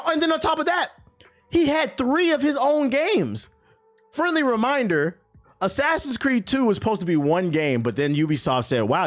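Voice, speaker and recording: Animated, swearing male gaming streamer. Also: high voice. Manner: animated, swearing, sarcastic, laughs often. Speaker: gaming streamer reacting to news. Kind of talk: casual profane reaction rant.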